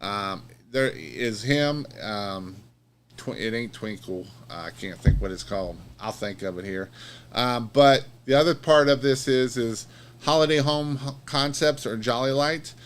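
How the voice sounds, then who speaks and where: A Christmas light business owner offers casual advice on a live stream in a medium-pitched, unhurried voice. He rambles and repeats himself, full of fillers and restarts, earnestly urging listeners on like a pep talk.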